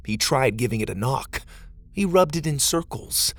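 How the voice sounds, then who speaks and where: A man narrating a children's story in a gentle, steady storytelling manner. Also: mid-range voice, normal speed, no room sound.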